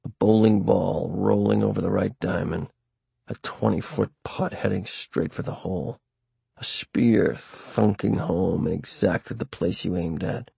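A man reading a first-person novel aloud in a wry, dry, deliberate way. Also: sits low, steady tone, creaky, dark tone, breathy edge, no echo. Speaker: audiobook narrator. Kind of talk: first-person audiobook narration.

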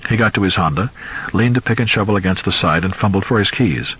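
A man narrating a novel in a measured, suspenseful storytelling voice. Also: fairly low pitch, slightly rough, dull audio. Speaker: audiobook narrator.

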